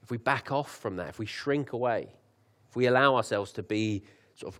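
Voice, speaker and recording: A young man preaching a sermon, chatty and joking, then reading scripture slowly with lifted emphasis. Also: mid-range voice, fairly bright tone. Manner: conversational, laughs at his own asides.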